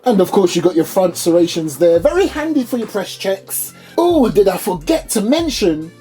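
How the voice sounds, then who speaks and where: A man doing an upbeat, high-pitched reviewer persona, playfully showing off a product in his small home studio. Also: sing-song, moderate pace, warm tone, faint music behind. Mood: enthusiastic. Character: chirpy high-voiced male gun reviewer persona.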